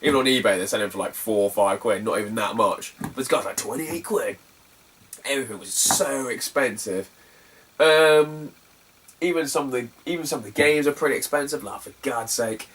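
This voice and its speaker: A man's voice: medium pitch, moderate pace, a bit bright, far from the mic, slight background noise. A man telling a story casually to camera, chatty and sweary with lots of fillers. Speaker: retro game collector vlogger.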